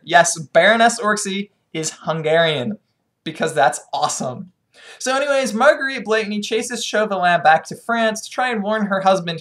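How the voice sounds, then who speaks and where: A young woman casually recapping a book, irreverent and sarcastic, with plenty of swearing. Her voice sits at a middle pitch and she tells the story in a loose, chatty way. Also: a bit bright. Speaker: book reviewer.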